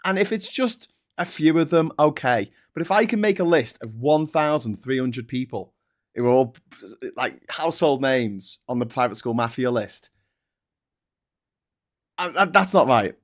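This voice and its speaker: A man's voice: mid-range voice, animated, moderate pace. A man from Liverpool with a Scouse accent, a guest on a live chat stream, ranting passionately with jokey asides. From Liverpool, England.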